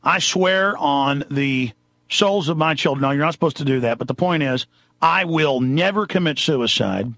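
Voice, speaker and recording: A man from Texas delivers a furious, accusatory talk-show rant. His voice sits high and has a sharp, forceful edge. The recording is dry and close, with a slightly dull, muffled tone. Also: normal speed, dry recording. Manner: shouting, accusatory, ranting. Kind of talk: angry political rant.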